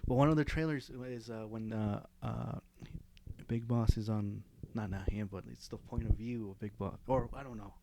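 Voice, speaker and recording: A man with a dark, mellow voice joins a podcast as a guest. He rambles hesitantly through his points in casual chat, with faint noise behind him. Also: on the low side, fairly even intonation, normal speed, creaky.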